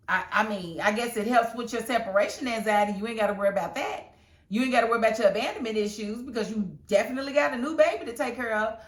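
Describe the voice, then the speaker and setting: Sassy woman in a roomy room. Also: fairly high pitch. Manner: sassy, animated, acts out cast members' lines. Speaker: reality show reviewer. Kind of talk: casual commentary. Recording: roomy echo.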